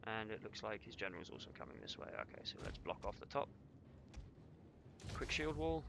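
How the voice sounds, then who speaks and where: A man's voice: on the low side, big pitch swings, fairly quick, vocal fry, background noise. A man streaming a strategy game, casually commenting on battles, swearing and joking with his chat. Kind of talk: live gameplay commentary.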